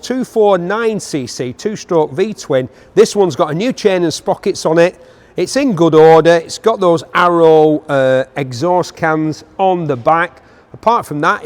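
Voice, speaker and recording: A man with an enthusiastic, joking manner, presenting motorcycles for an auction preview and making asides to his cameraman. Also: on the high side.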